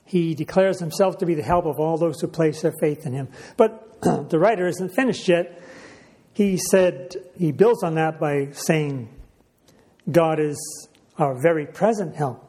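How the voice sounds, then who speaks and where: A man delivers a sermon in a somewhat high voice. He speaks in a measured way and leans on repeated phrases for emphasis. He stops often to clear his throat. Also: dark tone. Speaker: preacher.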